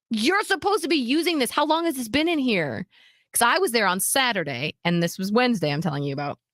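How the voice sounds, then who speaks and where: A woman's voice: on the low side, no room sound, clean studio sound. A woman co-hosting a talk show, telling a personal story in casual chat and acting out the people she quotes. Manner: animated storyteller acting out quoted voices, swearing freely. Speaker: radio show co-host.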